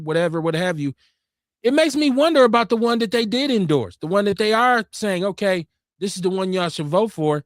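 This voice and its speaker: A man's voice: high voice, no echo, studio quality. A man from Milwaukee hosting a call-in show, talking politics casually and outspokenly with emphatic, direct delivery. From Milwaukee, Wisconsin, USA.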